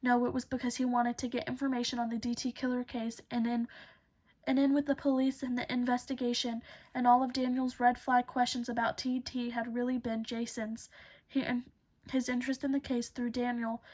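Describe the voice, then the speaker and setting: Woman narrator for a thriller audiobook, steady and even, slightly high. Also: fairly quick. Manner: steady, with occasional slips and restarts. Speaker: audiobook reader.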